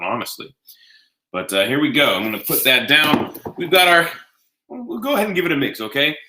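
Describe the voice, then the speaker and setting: A man's voice: medium pitch, bright, forceful tone, roomy sound. A man hosting a casual live cooking show, chatting directly to viewers in a folksy, easygoing way. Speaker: home cooking show host.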